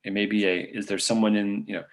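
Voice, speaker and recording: A man's voice: on the low side, flat delivery, fast talker. A male physician presenter answering audience questions in an online lecture, talking casually and thinking aloud with frequent fillers.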